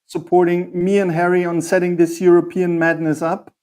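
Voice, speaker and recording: A male co-host chats casually on a livestream, his voice sitting a little higher than most men's. He talks in halting bursts, circling back and reaching for the right word before he finishes a thought. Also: little pitch movement, darkish tone, clear, resonant tone. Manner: halting, searches for words. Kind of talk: casual chat.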